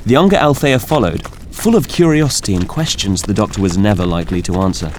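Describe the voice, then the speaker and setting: A man narrates an audiobook in a low voice that rises and falls with lively expression. His reading is measured and storytelling, with a faint hiss of noise underneath. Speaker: audiobook reader. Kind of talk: scripted narration.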